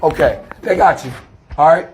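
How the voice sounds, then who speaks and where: A man, a street preacher, defensively arguing and talking fast over others while filming a confrontation outdoors on his phone. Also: fairly high pitch, a little mellow, slight background noise. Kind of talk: heated self-filmed confrontation. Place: outdoors by a church. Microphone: handheld phone camera.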